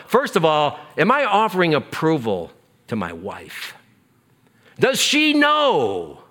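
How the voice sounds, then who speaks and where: A man delivering a church sermon in a slightly high, bright voice. His pitch rises and falls dramatically as he repeats phrases for emphasis. At the key lines he sinks almost to a hush. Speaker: pastor.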